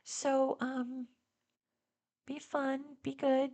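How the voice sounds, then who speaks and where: Her voice sits high and sounds mellow and level, and she speaks slowly. She's a vlogger in her sixties from around Detroit, talking casually to camera with fillers, rambling asides and small laughs.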